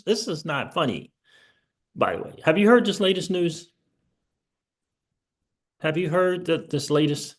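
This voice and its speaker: A high-voiced man rants to his vlog audience, his pitch swinging wildly from line to line. He fires the same questions again and again and laughs between them. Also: sing-song, measured pace, pauses often. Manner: exclamatory, repeats questions, laughs between lines. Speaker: crypto channel host. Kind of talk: excitable vlog rant.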